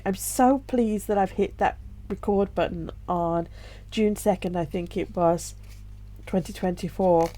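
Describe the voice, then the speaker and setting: A tearful middle-aged woman talks to her camera in a personal vlog. Her voice is soft and reflective, with sighs and small laughs between thoughts. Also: medium pitch. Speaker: vlogger and self-published author.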